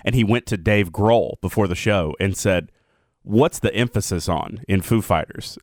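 A man co-hosting a radio show, telling a quick, amused anecdote in casual chat. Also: lowish voice, dry recording, studio quality.

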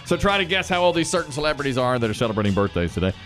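An upbeat man hosting a morning radio show, rattling off trivia with a lively, rising and falling pitch. Music plays clearly behind him in the studio. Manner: upbeat, reads trivia quickly.

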